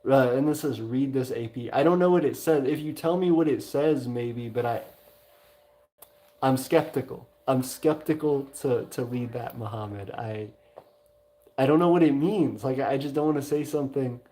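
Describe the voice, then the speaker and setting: A man with a Southern US drawl reads his livestream chat aloud in a relaxed, mellow voice. He stumbles through it with frequent fillers and mild exclamations, keeping it casual. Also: mid-range voice, normal speed. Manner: hesitant, many "uh" fillers, reacts with mild exclamations. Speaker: livestream host. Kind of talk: casual chat reading viewer messages aloud.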